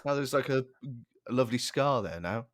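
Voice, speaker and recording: A man's voice: medium pitch, animated, fairly quick. A man co-hosting a podcast in casual chat, giggling often as he talks. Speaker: podcast co-host.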